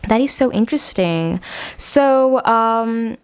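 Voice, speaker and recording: A woman's voice: on the high side, expressive, slow pace, smooth. A young woman giving a casual tarot reading, chatty and frank, full of fillers. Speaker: tarot card reader.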